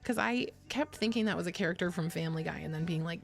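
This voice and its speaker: A woman's voice: on the low side, quick pace, vocal fry, faint music behind. A young woman streamer chatting casually, rambling, swearing and laughing often. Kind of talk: casual live-stream chat.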